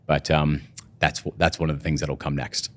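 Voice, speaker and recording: A man's voice: very deep voice, level tone, moderate pace. A man, a company co-founder, talking through a casual podcast interview with lots of "you know" and "right?". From United States.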